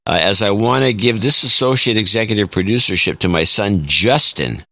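A man's voice: on the low side, normal speed, bright, forceful tone, no room sound. A man co-hosting a podcast with dry, wry remarks, reading listener notes aloud. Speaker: podcast co-host.

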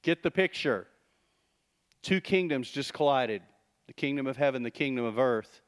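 A middle-aged man giving a sermon as pastor, talking conversationally with quick asides and rhetorical questions. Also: medium pitch, lively intonation, smooth.

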